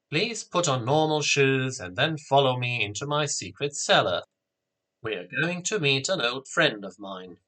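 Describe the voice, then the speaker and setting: A man's voice: mid-range voice, bright, forceful tone. A man voicing a playful father who teases his family and makes a ceremonious introduction. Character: cheerful middle-aged father with a secret.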